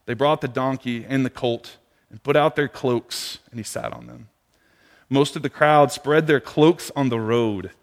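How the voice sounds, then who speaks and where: Man preaching in a reverberant hall. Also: medium pitch. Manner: conversational, swings between hushed and near-shouting. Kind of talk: sermon. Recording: long reverb of a large hall.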